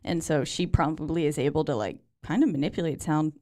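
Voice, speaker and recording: A woman's voice: deep voice, fairly quick. A woman co-hosting a horror movie podcast, chatting casually and joking playfully. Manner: animated, playful, laughs easily, jokes. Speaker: podcast co-host. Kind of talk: casual chat about a horror film.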